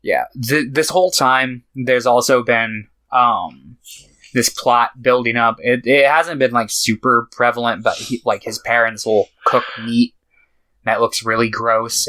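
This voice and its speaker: A man's voice: medium pitch, steady tone, a little slow, bright, forceful tone, poor audio. A young man co-hosting a podcast, casually recapping a movie scene by scene, swearing freely and acting out the characters' lines. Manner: loose, profane retelling with quoted lines. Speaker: podcast co-host.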